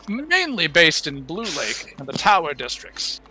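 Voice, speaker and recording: A man voicing an elderly, gentle and worried temple priest who talks haltingly, with many restarts and sighs. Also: sits high, wildly swooping pitch, voice pushed up, heavily acted. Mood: weary, grave. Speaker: game master. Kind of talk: in-character tabletop roleplay.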